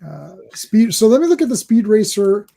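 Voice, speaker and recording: A laid-back man chatting slowly on a podcast over a video call. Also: high voice, very animated, creaky, warm tone. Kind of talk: casual chat.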